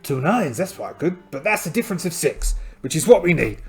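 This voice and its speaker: Fairly quick and fairly high-pitched, this man's voice swings a lot in pitch. As solo player and host of a tabletop game, he spins it playfully like a tale and talks through his dice rolls, with soft music behind.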